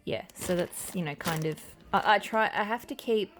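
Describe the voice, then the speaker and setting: Chatty Australian woman, somewhat low voice. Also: normal speed, sharp tone. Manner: rambling and chatty, with many ums and restarts. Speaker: wax melt collector showing her stash. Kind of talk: casual chatty tour. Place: home with noises around. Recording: noisy home recording.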